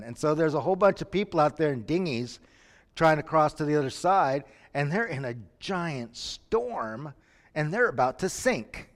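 A man preaching a sermon, moving between quiet lines and sudden shouts. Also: a little high. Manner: dramatic, shifts from quiet to shouting. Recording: long reverb from a hall.

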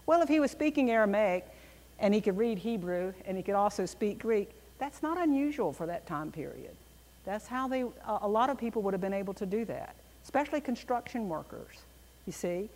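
Lady teaching bible class, lively and emphatic, echoey long reverb room. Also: medium pitch, fairly quick. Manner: animated, emphatic explaining.

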